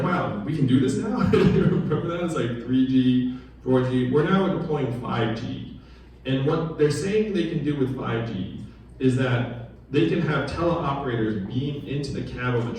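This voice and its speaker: A man's mid-range, darkish voice carries lively intonation at a moderate pace, recorded from a distance with a little hiss or hum. The political candidate delivers a conversational campaign speech in a large, very echoey town hall room, quizzing the crowd.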